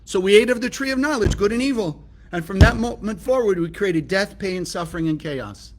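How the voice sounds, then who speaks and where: A man's voice: sits high, animated, fairly quick, background noise. A man from California teaching a spiritual lesson, emphatic and often asking his listeners rhetorical questions. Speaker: Kabbalah teacher.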